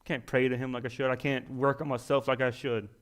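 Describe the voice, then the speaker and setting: A man's voice: medium pitch, flat delivery, brisk. A young man preaching a sermon in a folksy, self-deprecating way, rising to emphatic peaks.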